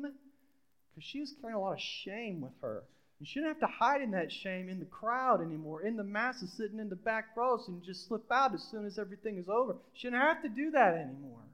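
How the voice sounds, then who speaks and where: A man's voice: high voice, fairly bright tone. A middle-aged man preaching a sermon in a conversational way, repeating phrases and putting questions to the congregation. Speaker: pastor.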